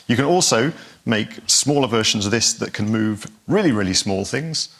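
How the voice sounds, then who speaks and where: A man, a guest scientist, explaining his research clearly and with enthusiasm on a panel show. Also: lowish voice, expressive, normal speed, fairly bright tone.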